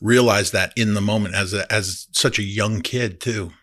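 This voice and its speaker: A man's voice: fairly low pitch, steady tone, moderate pace, fairly bright tone. A man hosting a podcast, asking questions and reacting briefly to his guest's stories. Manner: brief supportive interjections. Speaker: podcast host. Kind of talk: interview questions.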